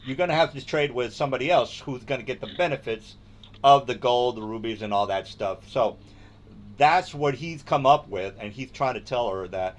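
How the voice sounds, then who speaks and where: A man's voice: medium pitch, normal speed. A man running a tabletop game as dungeon master, narrating loosely with many ums and restarts.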